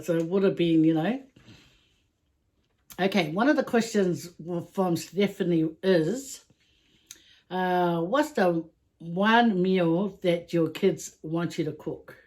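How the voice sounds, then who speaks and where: A woman's voice: mid-range voice, darkish tone. A middle-aged woman vlogger chatting casually while answering viewer questions at a meal, laughing often. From Samoa. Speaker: YouTube vlogger.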